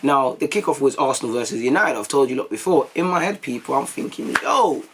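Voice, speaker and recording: A young man, a vlogger telling stories to his viewers in a casual, animated way, full of slang and acted-out quotes. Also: mid-range voice, quick pace, noisy background. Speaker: YouTube vlogger.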